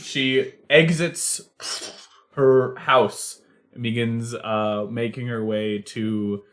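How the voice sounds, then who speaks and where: A man's voice: mid-range voice, fairly even intonation, drawn-out words, a bit bright. A man narrating an improvised audio drama casually, with frequent fillers. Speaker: co-host and improviser.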